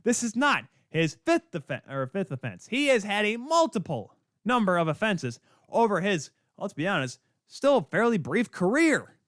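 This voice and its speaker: A man hosting a podcast, delivering a heated, sarcastic rant with sudden loud spikes and quick muttered asides. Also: high voice, big pitch swings, dry recording, studio quality. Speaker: podcast host. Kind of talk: ranting hockey commentary.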